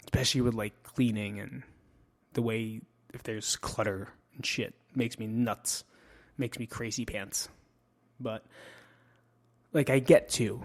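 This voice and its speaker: A middle-aged man hosting a casual monologue, joking and swearing as he mocks himself. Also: mid-range voice. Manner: profane, joking, self-mocking. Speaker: podcast host.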